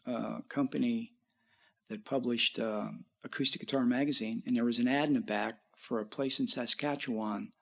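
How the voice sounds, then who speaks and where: Middle-aged male guest, gravelly voice, rambling anecdotes. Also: mid-range voice. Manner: rambling, animated when quoting others. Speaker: guest musician. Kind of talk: casual interview storytelling.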